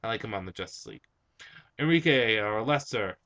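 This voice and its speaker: A man's voice: on the low side, expressive, a little fast, pushed and bright. A young man with a slight Spanish-influenced accent on some words, hosting a vlog and answering viewer questions in a rambling, hesitant way with many fillers. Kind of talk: casual chat.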